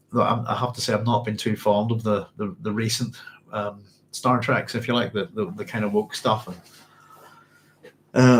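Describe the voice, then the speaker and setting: A man's voice: lowish voice, slight background noise. A man hosting a casual live stream chat, reading out viewer comments and rambling as he searches for words, with frequent chuckles.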